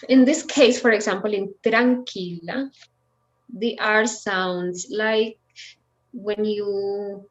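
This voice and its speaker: Woman, Spanish native, teaching a language class over video call, unhurried delivery, slightly muffled audio. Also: medium pitch. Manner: patient, explains slowly with many fillers. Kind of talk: online language lesson.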